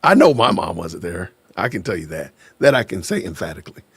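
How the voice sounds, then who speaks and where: A man's voice: low-pitched, very animated, brisk, vocal fry, breathy edge, dry recording. A man from Illinois hosting a casual live stream, joking, laughing often and greeting his chat. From Illinois, USA. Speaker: livestream host. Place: lives in Georgia, USA.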